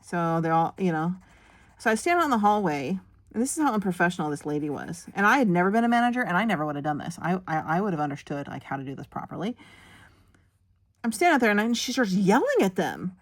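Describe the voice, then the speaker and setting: A woman hosting a coloring video, telling a long, animated story full of fillers and acted-out quotes. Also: lowish voice, fast. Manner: drops to a whisper for asides while working. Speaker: coloring channel host. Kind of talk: chatty storytelling while coloring.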